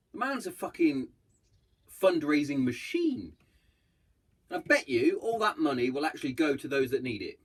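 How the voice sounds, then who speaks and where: A man's voice: on the high side, very animated, husky. A man hosting his own podcast, chatting casually in a blunt, heavily sweary way and acting out bits of what others said. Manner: acts out others' lines in quick voices. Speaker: podcast host. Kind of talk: casual solo podcast chat.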